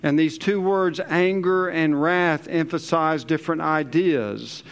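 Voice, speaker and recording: Slow, deliberate male Bible teacher. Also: a little high. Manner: slow, deliberate, leans hard on key words.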